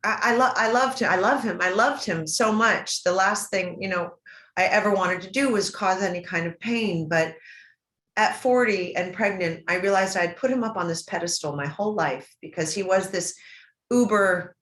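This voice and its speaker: Middle-aged woman guest, earnest and emotional storyteller with halting restarts, mid pitch, echoey hall. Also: fairly bright tone. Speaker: interview guest. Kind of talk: personal storytelling in an interview. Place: event stage or hall. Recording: roomy, echoey room.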